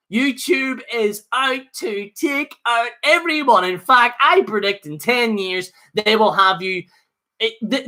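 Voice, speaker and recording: A man's voice: high voice, bright, forceful tone. A man hosting his own livestream, rambling in a fired-up, jokey rant. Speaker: livestream host.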